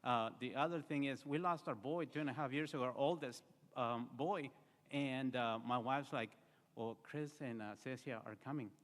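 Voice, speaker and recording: Delivering a memorial speech, a man tells earnest stories in a eulogy dotted with fillers. His medium-pitched voice is a bit bright and moves at a moderate pace, set in a reverberant hall.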